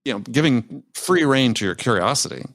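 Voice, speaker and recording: Relaxed, plainspoken male podcast host. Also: mid-range voice, fairly quick. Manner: relaxed and plainspoken, with short affirmations. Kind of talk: casual conversation.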